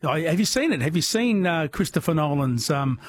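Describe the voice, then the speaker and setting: A husky-voiced man hosting a late-night radio quiz from a studio. He sits a little high for a man's voice and keeps up friendly, chatty banter with callers, laughing easily. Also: big pitch swings, brisk, no echo. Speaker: radio host.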